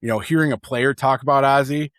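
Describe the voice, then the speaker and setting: A man from the Chicago area, co-hosting a sports podcast and telling anecdotes in a casual, animated way with lots of fillers. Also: mid-range voice, fast talker, no room sound, studio quality. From Chicago area, USA. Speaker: podcast co-host. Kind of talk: casual chat, storytelling.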